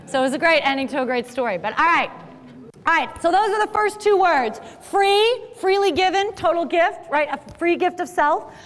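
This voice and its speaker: A middle-aged woman from the American Midwest telling a personal story to an audience in a lively, conversational way. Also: very high voice, normal speed. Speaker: speaker. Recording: long hall reverb.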